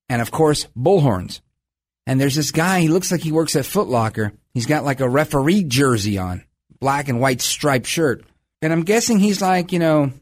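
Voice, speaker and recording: A middle-aged man hosting a radio talk show, ranting with sarcastic indignation in opinionated commentary. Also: fairly high pitch.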